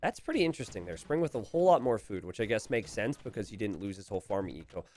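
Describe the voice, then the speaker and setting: A man commentating a recorded strategy game match, animated and chuckling, calling out to the players. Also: lowish voice, fast.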